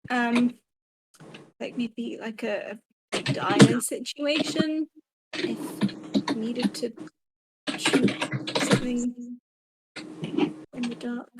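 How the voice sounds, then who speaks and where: A woman's voice: a little high, very slow, pauses often, very noisy. A woman playing in a tabletop game, talking hesitantly with many ums and restarts. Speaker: player. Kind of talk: casual in-character play.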